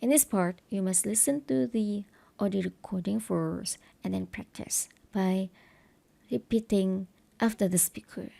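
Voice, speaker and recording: A woman teacher walks through a textbook lesson at a careful pace, leaning on each example word. Her voice sits low and mellow, with a gravelly edge. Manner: slow, careful explanation with stressed example words. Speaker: English teacher.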